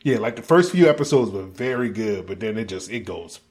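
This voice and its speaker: A man's voice: fairly low pitch, lively intonation, fairly quick, a little mellow. A man co-hosting a casual podcast chat, blunt and sarcastic, swearing freely. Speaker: podcast co-host.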